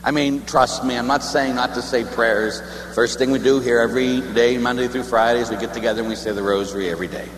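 A male priest gives a sermon in a relaxed, conversational way, joking as he tells a story. His voice rings through a roomy church with a long reverb tail. A faint hum sits under it. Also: medium pitch, fast talker, few pauses. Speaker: Catholic priest.

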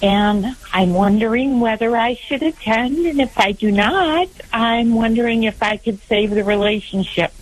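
Middle-aged female caller, slow and hesitant, call-in radio. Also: fairly high pitch, poor audio. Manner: hesitant, many ums.

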